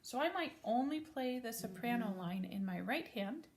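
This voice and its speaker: A woman's voice: on the high side, animated, moderate pace, a little hiss or hum. A woman giving a casual piano lesson, explaining chords plainly and correcting herself now and then. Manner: casual, friendly explaining with small self-corrections. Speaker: piano teacher. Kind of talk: relaxed spoken piano lesson. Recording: piano playing between talk.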